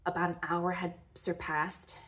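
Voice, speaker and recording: A woman's voice: fairly low pitch, flat delivery, a little slow, a bit bright. A woman in her thirties telling her story in a storytime vlog, candid, emotional and blunt, with mild swearing. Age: 30s. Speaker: vlogger.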